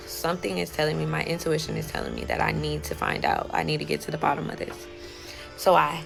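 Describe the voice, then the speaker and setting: A woman tells her own story in a loose, chatty storytime monologue. Her voice sits low and crackles with heavy vocal fry. She rambles along with plenty of fillers and quoted back-and-forth.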